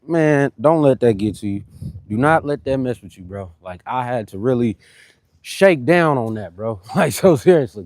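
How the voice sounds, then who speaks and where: Chatty man on a fitness livestream, higher-pitched voice, dry close sound, rambling and friendly with his viewers. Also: a little mellow, no room sound. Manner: loose and rambling, greets commenters, keeps saying "you know what I'm saying". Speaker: fitness live-streamer. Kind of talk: casual live-stream chat to viewers.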